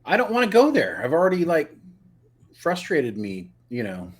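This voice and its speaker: A man co-hosting a live TV review show, calmly talking through scenes as they play. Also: a little high, moderate pace. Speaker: podcast co-host. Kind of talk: casual livestream review chat.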